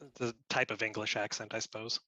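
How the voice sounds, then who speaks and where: A man's voice: on the low side, little pitch movement, quick pace, bright, forceful tone. A man co-hosting a casual podcast chat, friendly and plainspoken. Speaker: podcast co-host.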